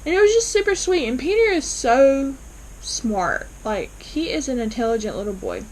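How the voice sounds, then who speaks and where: A woman's voice: high-pitched, very animated, moderate pace, darkish tone, a little hiss or hum, poor audio. A woman casually recapping and reacting to a TV episode, enthusiastic and full of fillers as she retells scenes. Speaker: TV episode reviewer.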